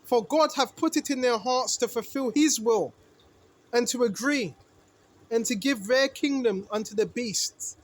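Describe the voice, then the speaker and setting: A man with a very high voice preaches through scripture, firing rhetorical questions at his listeners. He keeps checking in with "right?" and climbs higher and louder when he hits a point hard. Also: measured pace. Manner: rises in pitch and volume when emphatic. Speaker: street preacher. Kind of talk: bible teaching sermon.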